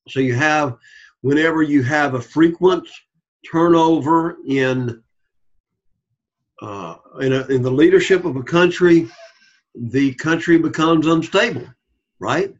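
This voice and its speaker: A man's voice: fairly high pitch, takes it slowly, pauses often, dull audio. A man teaching a Bible study lecture, repeating key points and checking in with the class.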